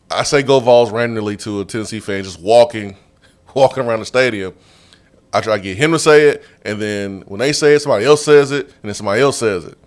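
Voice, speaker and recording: A man hosting a sports radio show, telling a story in a casual, animated way and laughing often, recorded in a studio. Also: on the low side.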